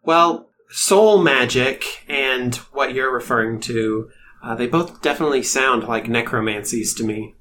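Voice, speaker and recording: A man voicing a calm, scholarly female wizard in a tabletop game. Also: mid-range voice, a little slow, slight background noise, close to an everyday voice. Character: female wizard, a learned transmuter. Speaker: game master.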